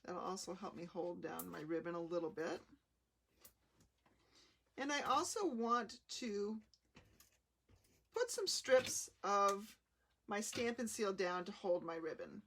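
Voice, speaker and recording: A woman with a slightly gravelly, mid-pitched voice talks viewers through a card-making project during a live show. She is chatty and unhurried, explaining each cut and placement as she goes. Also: animated, fairly bright tone, a little hiss or hum. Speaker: craft demonstrator.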